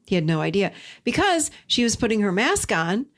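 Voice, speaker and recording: A woman's voice: medium pitch, very animated, normal speed. A woman host giving relationship advice in an earnest, emphatic storytelling manner, repeating her key points. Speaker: podcast host and relationship coach. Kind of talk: storytelling self-help talk.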